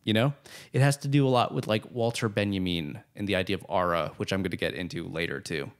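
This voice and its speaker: A man's voice: sits low, fast talker, clear, resonant tone. A man co-hosting a film podcast, talking through a movie in an analytical, academic way. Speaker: podcast co-host. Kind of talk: film commentary chat.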